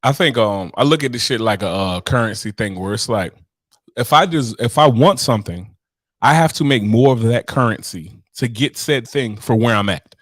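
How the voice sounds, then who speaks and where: A man's voice: mid-range voice, moderate pace, no room sound, clean studio sound. A man hosting a podcast, ranting in casual, profane chat. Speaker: podcast host.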